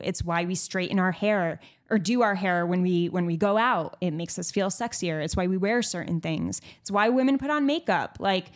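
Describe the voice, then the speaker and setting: A young woman hosting a podcast, chatting candidly and frankly, with lots of fillers and some swearing. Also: lowish voice. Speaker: podcast host. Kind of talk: candid casual chat.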